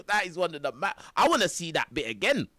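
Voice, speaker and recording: High, lively young streamer. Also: male voice, moderate pace. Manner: laughing, exclamatory, heavy slang. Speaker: live streamer reacting to clips. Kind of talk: excited reaction commentary.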